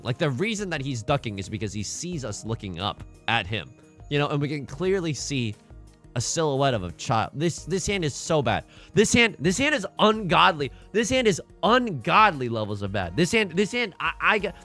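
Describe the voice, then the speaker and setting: A man streaming a game, chatting casually and jokingly, repeating himself and putting on mock outrage. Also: medium pitch. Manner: animated, jokey, repeats phrases, mock outrage. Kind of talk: casual livestream gameplay commentary.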